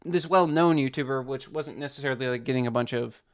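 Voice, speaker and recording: A man's voice: mid-range voice, fast. Rambling man reacting to a video. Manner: rambling, full of restarts and "like". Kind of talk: casual commentary.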